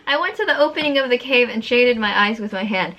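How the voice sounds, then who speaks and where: A young woman reads a childhood story aloud in an exaggerated, theatrical way, groaning and joking in between. Her voice is high, bright and sharp. It swoops widely in pitch. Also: expressive, quick pace, dull audio. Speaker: co-host, sister. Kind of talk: reading aloud with joking asides.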